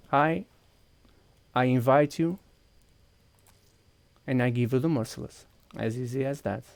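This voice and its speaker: A man's voice: medium pitch, a little mellow. A man with a Portuguese accent streaming a game, walking viewers through each step while he clicks and thinks aloud. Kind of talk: casual live-stream chat.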